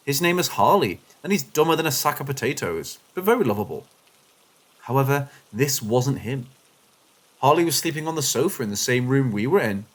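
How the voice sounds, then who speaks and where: A man giving scripted, expressive narration of first-person paranormal stories, shifting his delivery with the suspense. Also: medium pitch. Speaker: story narrator.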